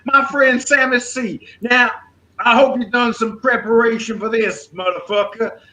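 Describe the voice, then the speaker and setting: A man's voice: extremely high pitch, fairly even intonation, unhurried, sharp tone, low-quality recording. A man guest-hosting a comedy panel show, brash, profane and teasing. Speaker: guest host.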